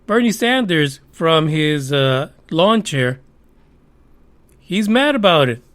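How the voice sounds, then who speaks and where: A man's voice: on the high side, big pitch swings, slow, fairly bright tone. A man hosting a podcast, giving heated, profane, sarcastic commentary on the news. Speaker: podcast host.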